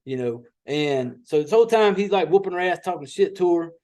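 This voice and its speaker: A man with a fairly high voice retells a horror movie in loose, rambling fashion. He swears freely and drops folksy asides as he goes, in a casual podcast chat. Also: lively intonation, a little mellow. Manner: rambling, profane, folksy storytelling with quick asides. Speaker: podcast host reviewing a horror film. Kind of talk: casual profane movie recap.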